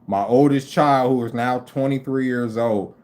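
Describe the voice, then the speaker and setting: A man in his forties hosting a livestream, telling stories in an animated, profane, incredulous way and acting out other people in quick voices. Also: mid-range voice. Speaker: livestream host. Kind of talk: casual storytelling rant.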